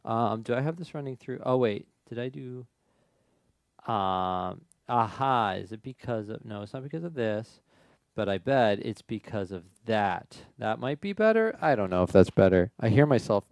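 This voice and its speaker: A man hosting a music request livestream who chats casually and thinks out loud, his voice running through a flanger effect. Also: on the low side, animated, normal speed, clean studio sound. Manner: rambling, thinks aloud, laughs at himself. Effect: flanger and reverb on his voice.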